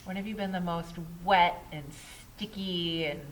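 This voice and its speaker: A woman's voice: fairly low pitch, steady tone, measured pace, slight background noise, low-quality recording. A woman teaching a casual Ayurveda class at a yoga studio. She talks in a chatty way, keeps asking "right?" and laughs at herself.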